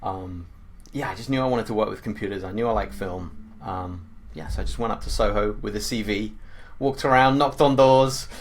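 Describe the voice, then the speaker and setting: A man, a podcast guest, telling his story in a relaxed casual chat with dry, teasing humour. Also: on the low side, normal speed. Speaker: podcast guest, visual effects supervisor. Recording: faint background noise.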